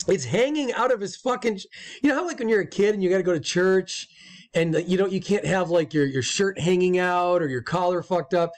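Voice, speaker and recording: Male co-host with a fairly high voice, loose and profane, rambling with restarts. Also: a little fast. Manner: stumbling repeats when excited. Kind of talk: casual chat.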